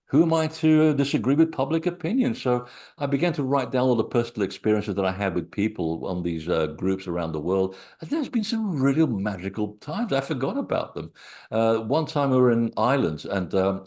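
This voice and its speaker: Animated man telling anecdotes. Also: on the low side. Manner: animated anecdotes with asides and self-quotes. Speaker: author and researcher of sacred sites. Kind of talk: conversational interview storytelling.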